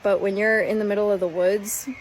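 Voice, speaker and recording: A woman from Minnesota telling a story in her vlog in a calm, matter-of-fact way. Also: mid-range voice, fairly quick, a little hiss or hum, rough recording. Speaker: van lifer vlogger.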